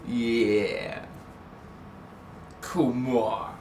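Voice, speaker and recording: A man's voice: medium pitch, animated, slow pace, a bit bright. A man hosting a casual live stream, playful and laughing often as he greets viewers in the chat. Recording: echoey, distant mic, faint background noise.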